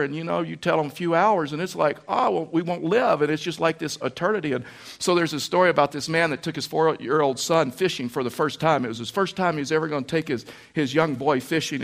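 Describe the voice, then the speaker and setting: A man's voice: fairly high pitch, fast, gravelly. Folksy man preaching a sermon. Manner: folksy storytelling preacher, repeats phrases for emphasis. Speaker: pastor.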